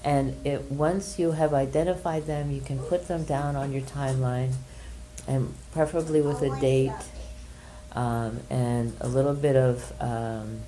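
Soft-spoken older woman with a low voice. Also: steady tone, background noise. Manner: gentle, hesitant, many pauses and fillers. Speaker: workshop leader. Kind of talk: guiding a group exercise and sharing a personal story.

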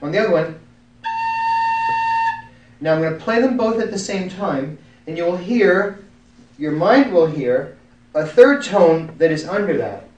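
A man's voice: high-pitched, expressive, unhurried, pauses often, a little mellow, soft background music. Genial man speaking from across a room. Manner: genial, self-deprecating humor. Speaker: musician giving a demonstration. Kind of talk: informal group talk with demonstration. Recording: roomy, from a distance.

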